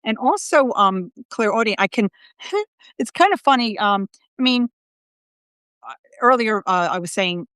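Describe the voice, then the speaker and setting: A middle-aged woman hosting a show as a psychic medium, chatting casually and telling lively stories in which she acts out the lines of the people in them. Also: on the high side, measured pace, long pauses, no room sound. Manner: lively storyteller, acts out quotes with laughter. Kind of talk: casual conversational chat.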